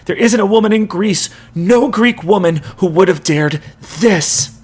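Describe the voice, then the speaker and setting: A man voicing Jason, a furious grieving Greek hero, shouting in a strained, raised voice. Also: sits high, measured pace, husky, pitched above the performer's own voice. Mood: furious anguish.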